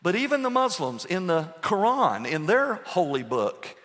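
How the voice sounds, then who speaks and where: Male pastor, passionate sermon delivery with storytelling asides, slightly high voice, echoing sanctuary. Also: sing-song, moderate pace, a bit bright. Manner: impassioned preaching with rising emphasis, conversational storytelling asides.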